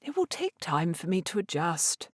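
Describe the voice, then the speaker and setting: A woman reading as a proud and stubborn Regency mother, clipped and weary, her voice lifted well above the narration and swinging widely in pitch. It sounds dry and close, with no room around it. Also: very animated, unhurried, a little mellow, dry recording. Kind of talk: audiobook character reading.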